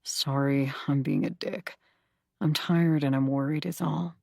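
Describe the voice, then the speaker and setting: A woman voicing a gruff, tired man, a protective uncle, in an audiobook. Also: deep voice, normal speed, darkish tone, dry recording, studio quality. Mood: apologetic. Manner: gruff and weary. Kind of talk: audiobook character voice.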